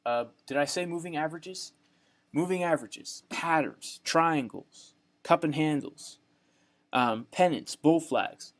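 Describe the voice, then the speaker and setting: A man's voice: on the high side, a little slow. A young man with a Southern US accent, teaching a trading course over a screen share, folksy and repetitive, often checking in with "right?". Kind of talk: screen-share tutorial narration.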